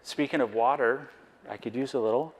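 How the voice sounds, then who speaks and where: A man's voice: mid-range voice, a little fast, slight background noise. A man speaking at a conference in a mid-range voice, earnest and personal. He talks reflectively and poses rhetorical questions to the audience. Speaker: board member giving a conference talk.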